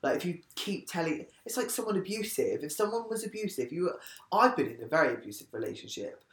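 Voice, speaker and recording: A woman's voice: lowish voice, sing-song, fast talker. Candid rambling woman, roomy sound. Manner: candid, rambling, frequent restarts. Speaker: podcast guest, bodybuilder. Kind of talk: casual chat. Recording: echoey room.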